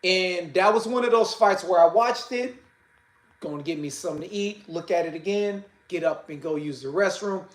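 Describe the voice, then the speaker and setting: A man hosting a casual boxing livestream, talking haltingly with many fillers and restarts and greeting viewers by name. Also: high voice, echoey room, rough recording. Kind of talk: casual live-stream talk.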